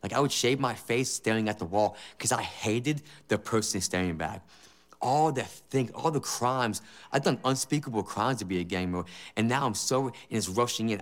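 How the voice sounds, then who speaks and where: A man giving a personal faith testimony as a former gang member, emotional and earnest, with many repeated phrases. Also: medium pitch. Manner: emotional, repetitive, earnest storytelling.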